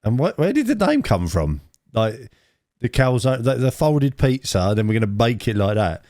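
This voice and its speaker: A man's voice: medium pitch, big pitch swings, moderate pace, a little mellow, no room sound, studio quality. A man co-hosting a casual podcast chat, rambling with many restarts. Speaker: podcast co-host. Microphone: own mic, remote.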